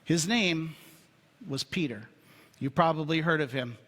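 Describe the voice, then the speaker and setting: A pastor preaching a sermon in a relaxed, joking, conversational way before turning serious. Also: male voice, a little high, unhurried. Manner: humorous, conversational storytelling. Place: church sanctuary. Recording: reverberant church hall.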